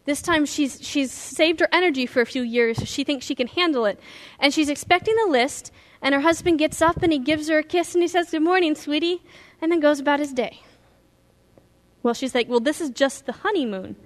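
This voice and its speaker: A woman's voice: sits high, a little fast. A woman pastor giving an earnest, emphatic sermon with stories.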